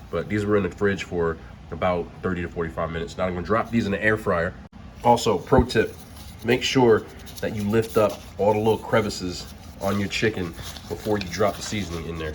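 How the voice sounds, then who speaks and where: A man's voice: sits low, a little hiss or hum. A young man chatting casually to viewers in a cooking and mukbang vlog, full of slang and asides. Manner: chatty, slangy, addresses viewers as y'all and bro. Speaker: food vlogger.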